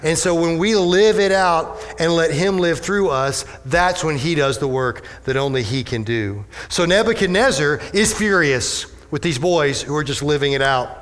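Animated preacher in a reverberant hall. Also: male voice, a little high, moderate pace, few pauses. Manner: animated, rhetorical questions to congregation. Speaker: pastor. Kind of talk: sermon. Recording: echoey hall with long reverb.

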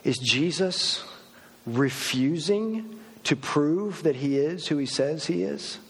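A middle-aged male pastor preaching a sermon, swinging from loud mock outbursts to soft, low reflection. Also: animated, slow, slightly rough. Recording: long reverb of a large hall.

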